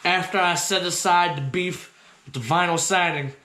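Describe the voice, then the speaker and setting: A man hosting his own show, telling a personal story in a profane, slangy, animated way. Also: high voice, normal speed. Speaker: host. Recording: roomy echo.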